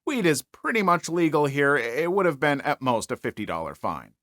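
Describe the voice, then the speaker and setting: A man's voice: fairly high pitch, big pitch swings, normal speed, few pauses, a bit bright, no echo, clean studio sound. A man narrating stories aloud and giving chatty commentary full of fillers. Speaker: story narrator. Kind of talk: reading stories aloud and reacting to them.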